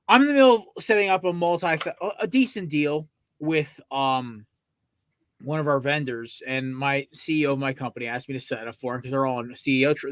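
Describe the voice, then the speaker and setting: A man hosting a casual sports podcast, telling stories in an excitable, profane way with lots of asides. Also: mid-range voice, dry recording. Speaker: podcast host.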